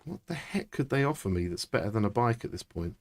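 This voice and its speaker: A man, chatting excitably and thinking aloud during live gameplay commentary. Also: on the low side, a little fast. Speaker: streamer.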